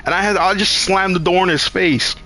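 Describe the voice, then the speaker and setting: A man's voice: high voice, a little fast, bright, forceful tone. A young male streamer talks loosely and profanely. He rambles through a story and acts out his own past lines in casual live-stream chat.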